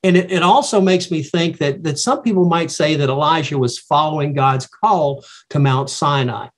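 A man teaching a Bible study in a reflective, explanatory, somewhat halting way. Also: a little high.

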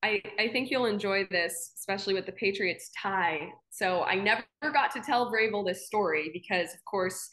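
A young woman, a sports anchor, trades casual stories in an interview, laughing a lot and leaning on fillers. Her medium-pitched, slightly bright voice moves at a moderate pace with few pauses.

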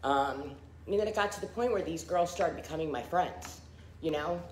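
A woman's voice: sits low, normal speed, reverberant, a little hiss or hum. A middle-aged woman giving a candid personal recovery testimony, full of fillers and acted-out quotes. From Philadelphia area. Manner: candid, frequent fillers, acts out quoted people.

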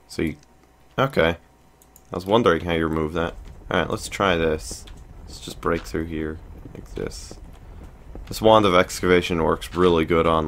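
A man's voice: low-pitched, a bit bright, slight background noise. A young man hosting a let's play, thinking aloud in casual commentary with lots of fillers and restarts.

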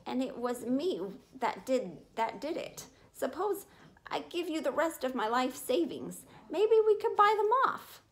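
A woman's voice: high-pitched, very animated, measured pace, voice pushed up, full character voice. A woman doing a fretful streetwise mouse. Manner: urgent and wheedling, drawn out.

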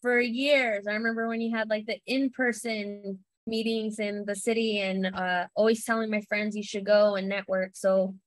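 A woman's voice: medium pitch, level tone, moderate pace, few pauses, dry recording, low-quality recording. A woman on a group video call, speaking hesitantly with frequent ums and uhs. Her voice sounds dry and close, with no room around it. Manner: hesitant, many "uh" and "um" fillers. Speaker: session participant. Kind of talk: casual sharing in a group call.

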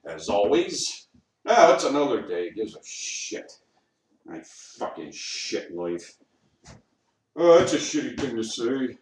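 A man's voice: mid-range voice, distant mic. A man rambling and swearing to himself at home, grumbling and talking to his dog. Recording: echoey room, off-mic, faint noise.

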